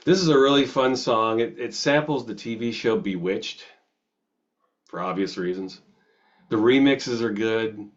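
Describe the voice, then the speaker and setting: Casting note: male music host, lowish voice, chatty record-review style, slightly muffled lo-fi audio. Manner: rambling, chatty, self-interrupting with restarts.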